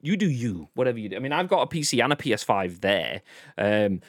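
A man's voice: medium pitch, big pitch swings, fast talker, a little hiss or hum. A young man co-hosting a live stream, reading out chat and bantering in a rambling, playful way.

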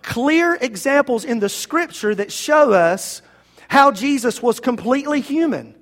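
A pastor preaches his sermon in a notably high-pitched male voice. He keeps it conversational but leans hard on key words. He often turns to address his listeners directly. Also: animated, measured pace, a bit bright. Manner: conversational, emphatic preaching with direct appeals to the congregation.

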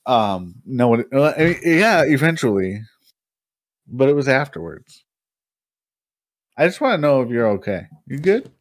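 A man's voice: mid-range voice, big pitch swings, a little slow, long pauses. A young man co-hosting a podcast in casual chat, teasing and constantly interrupting. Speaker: podcast co-host.

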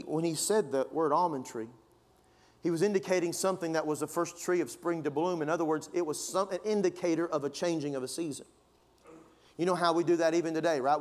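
A man preaching a sermon as pastor, fervent and conversational, pushing his emphasis upward. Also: a little high. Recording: long reverb of a large hall.

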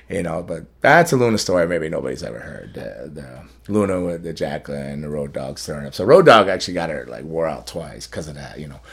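A man with a low-pitched, gravelly voice hosts a podcast, telling stories in a rambling, casual way with many restarts and laughs.

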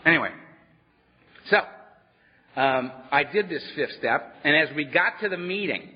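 A man sharing his own story at a workshop, animated and wry, often laughing as he talks. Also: fairly high pitch, a little slow. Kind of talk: personal storytelling talk to a live audience. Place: meeting hall at a workshop. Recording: dull lo-fi with long hall echo.

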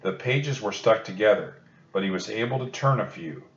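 A man reading a children's book aloud in a calm, steady storytelling delivery. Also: on the low side, moderate pace. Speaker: storybook reader. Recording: roomy dull lo-fi recording.

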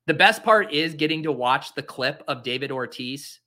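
A man in his late twenties from the Boston area hosts a casual show and narrates as he goes. His tone is bright and edged, pitched a little above the usual, and he drifts from loose, joking asides into mock-despairing outbursts. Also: lively intonation, normal speed. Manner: theatrical self-pitying rants; rambling and joking. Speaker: podcast host. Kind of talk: live-drafting commentary, casual chat.

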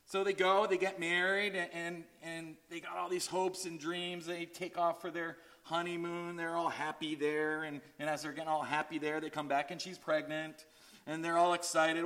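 A man delivers a sermon in a slightly raised voice. He tells a story and acts out each person's lines, rising high for the excited parts and dropping low for the heavy ones. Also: moderate pace. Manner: storytelling with acted-out voices, animated swings in pitch. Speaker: pastor.

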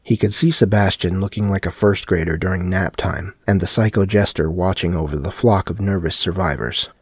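A man narrating a dark horror story in a steady audiobook reading. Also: low-pitched, a little fast, husky, no echo, studio quality.

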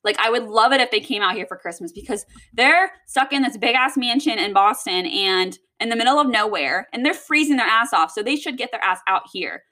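Bright-voiced young woman venting. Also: on the high side, lively intonation, brisk, few pauses. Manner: rambling and heavy on swearing. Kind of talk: casual venting monologue.

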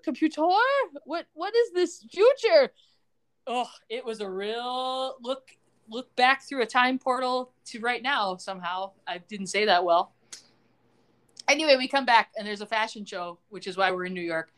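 An excitable woman co-hosts a podcast, recapping a TV episode with sarcasm and the odd curse. Her voice sits a little high for a woman, and she talks in a loose, chatty way. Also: normal speed. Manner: excitable, sarcastic, swears freely. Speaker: podcast co-host. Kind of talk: casual chat recapping a TV episode.

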